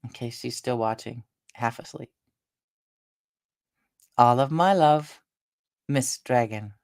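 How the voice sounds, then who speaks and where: A woman hosting a casual live stream, rambling along with halting restarts and fillers, sounding tired and drained. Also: very deep voice, darkish tone, dry recording, studio quality. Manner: meandering, halting talk with many restarts and fillers. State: tired and drained after a stressful day. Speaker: livestream host.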